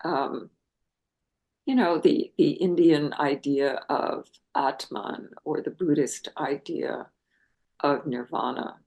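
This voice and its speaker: An older woman, a translator and guest, speaking reflectively in an interview and often pausing to search for words. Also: deep voice, a little mellow. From United States. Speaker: guest, translator of Persian poetry. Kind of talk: thoughtful interview conversation.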